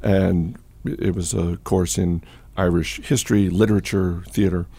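Male podcast host, lowish husky voice, casual storyteller with lots of ums. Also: fairly even intonation, unhurried, warm tone, no echo. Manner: chatty, with many fillers and restarts. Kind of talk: casual storytelling and market chat.

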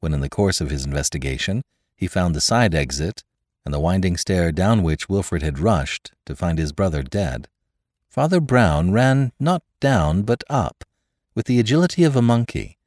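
A man narrating a classic story as a podcast host, in measured, expressive storytelling. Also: low-pitched, no room sound, clean studio sound. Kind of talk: audiobook narration.

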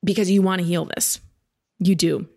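A woman in her thirties giving a caller direct but gentle coaching advice on a talk show. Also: fairly low pitch, steady tone, normal speed, gravelly, breathy edge.

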